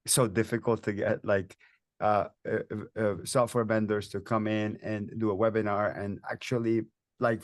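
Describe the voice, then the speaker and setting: A man's voice: on the low side, no room sound. Dry-sounding enthusiastic male host. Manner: enthusiastic, talks in bursts with many restarts and fillers. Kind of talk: webinar interview.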